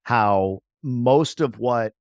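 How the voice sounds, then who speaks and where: A man in his forties from New York, talking as a guest in a casual interview, emphatic and lively as he tells stories. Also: medium pitch, extremely slow, no echo, highs cut off. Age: 40s. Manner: emphatic, acts out voices of other people in quotes. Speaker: podcast guest.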